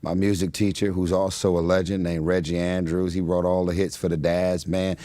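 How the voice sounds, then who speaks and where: A man's voice: sits low, flat delivery, moderate pace, dark tone, dry recording. A man in his forties from Los Angeles, a guest telling a long story in a casual interview, with many fillers, restarts and frequent laughs. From Los Angeles, United States. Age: 40s.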